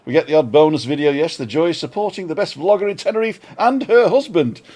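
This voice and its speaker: A man's voice: on the high side, lively intonation, fast talker, a little mellow. An older man co-hosting a casual live-stream vlog chat, rambling through stories with chuckles and self-mocking asides. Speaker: vlog co-host. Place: home balcony.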